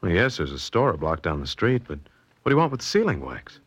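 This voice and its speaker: An anxious young painter in a 1940s radio drama, voice low-ish but lively and bright. He keeps firing eager, worried questions. The old broadcast sound is dull and lo-fi. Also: a little fast, husky, heavily acted.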